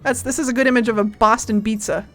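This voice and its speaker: A young woman from Canada chatting casually on a livestream, giggly and excitable, swearing casually as she talks. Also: on the high side, fast, soft background music. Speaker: streamer.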